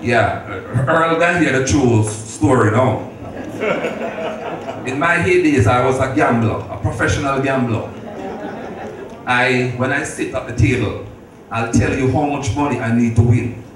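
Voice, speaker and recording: At a birthday celebration, a middle-aged man gives a heartfelt speech full of stories and laughter, carrying a preacherly ring. His medium-pitched voice is a little slow with frequent pauses, heard from far off in an echoey, noisy hall with crowd sounds.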